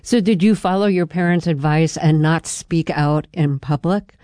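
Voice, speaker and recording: A woman's voice: low-pitched, normal speed, dark tone, clean tone, dry recording, studio quality. A woman interviewer asking brief, direct questions.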